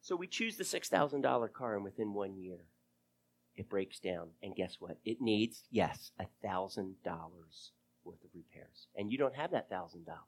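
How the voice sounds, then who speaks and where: A pastor preaching a sermon to his church, acting out prayers and conversations in an animated way and dropping to a hushed voice at times. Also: fairly low pitch, moderate pace.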